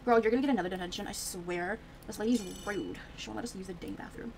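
A woman's voice: mid-range voice, fast, hardly any pauses, darkish tone, slight background noise, low-quality recording. A young woman casually commenting on her life-sim gameplay, chatty and reacting aloud as she plays, with lots of fillers. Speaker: Sims gameplay streamer.

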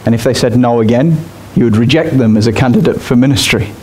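A man's voice: mid-range voice, quick pace, darkish tone, slight background noise. A man preaching a sermon in a church, speaking directly and emphatically to his congregation. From Australia. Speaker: pastor.

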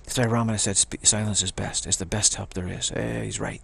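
A man's voice: fairly low pitch, steady tone, brisk, vocal fry, fairly bright tone, husky. A man giving a rambling, reflective spiritual talk, repeating himself and acting out the voices of people he quotes. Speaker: spiritual speaker.

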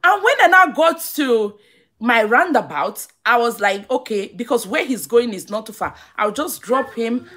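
A Nigerian woman chats through a live-stream story in a fairly high, bright and forceful voice. She talks animatedly, doubling back on her words and breaking off to greet viewers. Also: expressive, normal speed. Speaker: vlogger.

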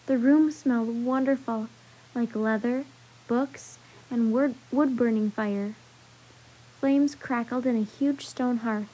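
A woman reading a children's chapter book aloud as storyteller, in a steady, gentle way. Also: on the high side, breathy edge, poor audio.

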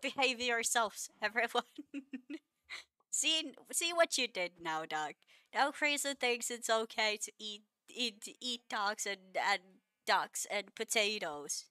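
Slow-talking bright-voiced woman streamer. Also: fairly high pitch, animated, dry recording. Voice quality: laughs often, playful mock-scolding. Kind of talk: casual live-stream chat with viewers.

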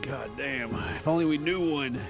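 A man's voice: mid-range voice, moderate pace, creaky, faint music behind. A man in a game roleplay talking casually and rambling, swearing often. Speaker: roleplay player. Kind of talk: GTA roleplay in character.

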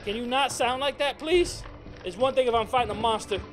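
A man commentating casually and profanely while playing a horror game, yelling when startled. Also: very high voice, fairly quick. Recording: loud game music under voice.

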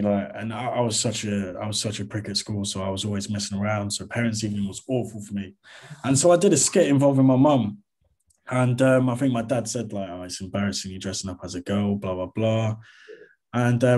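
A man's voice: on the low side, darkish tone. A man, chatting casually and easily as an interview guest, dropping "mate" and "to be honest" along the way. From England. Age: 20s. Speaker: interview guest, comedy content creator.

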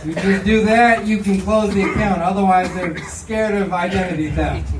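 A man performing a stand-up comedy set in a slow, deadpan manner, taped live in a club. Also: sits high, echoey room, recorded from a distance, background noise.

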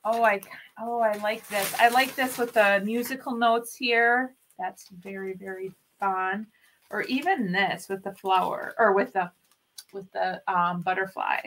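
A woman's voice: medium pitch, fairly even intonation, a little slow, fairly bright tone, a little hiss or hum. A woman hosting a live crafting stream in a casual, chatty way, greeting viewers by name and rambling with many fillers and self-corrections. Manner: chatty and upbeat, greets viewers and reads their comments aloud. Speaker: host of a furniture-flipping craft channel.

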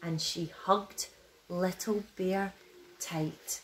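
A woman reading a children's bedtime story aloud at home in a gentle, expressive, unhurried way. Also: medium pitch, slight background noise.

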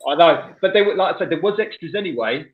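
Male host, chatty and animated, laughs through his own anecdotes, muffled lo-fi sound. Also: on the high side, fast, slight background noise. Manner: animated storyteller, laughs often, restarts mid-sentence. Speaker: radio show host. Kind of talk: casual radio banter. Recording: muffled lo-fi audio.

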